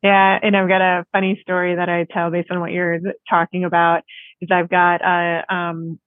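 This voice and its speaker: A podcast host telling a personal story in a lively, laughing way. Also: mid-range voice, moderate pace, no room sound. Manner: animated storyteller, laughs easily. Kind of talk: casual conversation. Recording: tinny phone-like line.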